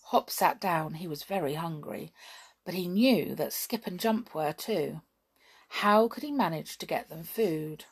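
Woman reading a kids story, breathy, lots of ups and downs. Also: on the low side, a little slow. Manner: expressive, lively storytelling. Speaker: narrator. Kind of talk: reading a children's story aloud.

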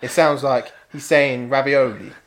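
A man's voice: medium pitch, steady tone, fairly quick, slight background noise. A man, a podcast co-host ranting casually and swearing. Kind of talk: casual chat.

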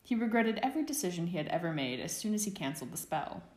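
Low-voiced woman, audiobook narration, roomy echo. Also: big pitch swings, fast. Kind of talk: fan fiction audiobook narration.

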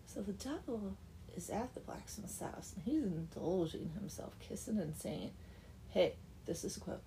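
A woman's voice: medium pitch, animated, moderate pace, mellow, slight background noise. Chatty woman retelling a tale wryly. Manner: chatty, wry asides, drops into whispers. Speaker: storyteller. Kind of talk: casual comic story retelling.

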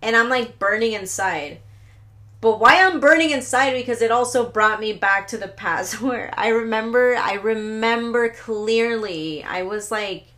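Speaking at a measured pace, this young podcast host has a slightly high, somewhat bright voice. She rambles through stories on her solo show, swearing a lot and tossing in laughing asides.

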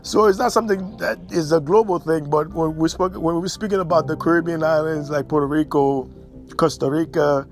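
A man from Haiti speaks in a blunt, casual monologue. His voice sits high, and he hammers points by repeating them. Faint music plays underneath. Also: fairly even intonation, fairly quick. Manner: blunt, emphatic, repeats himself for stress. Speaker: commentator. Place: New York and elsewhere in the States.

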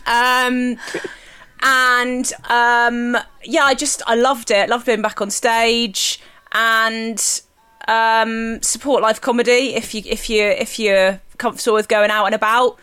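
A woman's voice: on the high side, level tone, takes it slowly, sharp tone, clean tone. A woman in her thirties, co-hosting a podcast in a rambling, chatty way with many fillers. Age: 30s. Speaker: podcast co-host. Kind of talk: casual chat.

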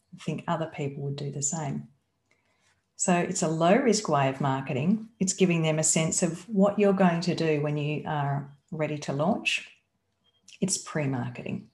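Aussie woman coaching, lowish voice, leans on words and asks lots of questions, echoey room. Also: a little mellow. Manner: emphatic, coaxing, asks rhetorical questions. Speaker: business coach. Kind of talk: teaching talk. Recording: roomy echo.

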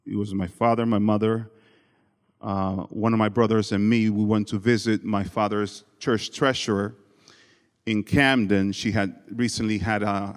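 Joking man preaching in a reverberant hall. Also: on the low side. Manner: humorous, jokes with the congregation; speaks English with a non-native accent. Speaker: guest preacher. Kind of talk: sermon with personal stories. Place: church hall before a congregation. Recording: long reverb of a large hall.

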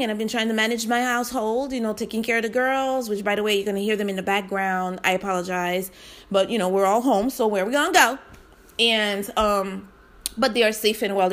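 Young woman rambling on her podcast, upbeat and chatty, kinda high voice. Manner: chatty and upbeat, talks to listener as "sis". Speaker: podcast host. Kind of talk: casual solo podcast chat.

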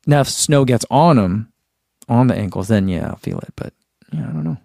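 Guy rambling about socks on a live stream, medium pitch, dry close mic, lots of "like" and "um". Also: animated, normal speed, vocal fry, dark tone, no room sound. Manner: chatty and musing, many fillers, reads comments aloud. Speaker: running gear reviewer reading viewer comments. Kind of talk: casual live unboxing chat.

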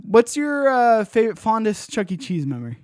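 A man's voice: sits high, very animated, moderate pace, no echo, studio quality. A young man from the Bay Area co-hosting a podcast, joking and swearing in casual chat. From San Francisco Bay Area. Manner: joking, profane, rambling. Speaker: podcast co-host.

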